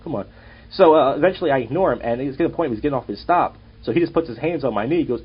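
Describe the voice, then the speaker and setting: A man's voice: medium pitch, expressive, rapid-fire, husky. A young man, hosting a casual podcast and telling rambling, profane stories. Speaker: podcast host and comedian. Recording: dull lo-fi audio.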